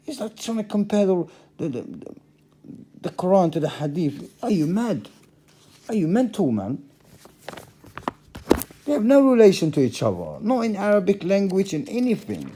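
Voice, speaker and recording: A man's voice: high voice, wildly swooping pitch, moderate pace, long pauses, warm tone, slight background noise. A middle-aged man giving a passionate monologue to camera, repeating phrases for emphasis. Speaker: religious vlogger.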